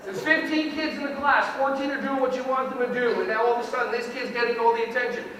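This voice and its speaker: A man giving a lively educational keynote to an audience, with a playful, animated delivery that acts out kids and parents. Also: extremely high pitch, fast talker, noisy background. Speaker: keynote speaker. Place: large hall with audience. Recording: echoey hall recorded from far off.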